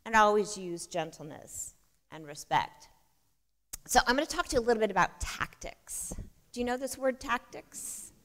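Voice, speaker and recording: Her voice medium-pitched and lively, moving at a moderate pace, a conference speaker talks conversationally in a church hall, often putting questions to the audience. Long reverb from the hall fills the recording.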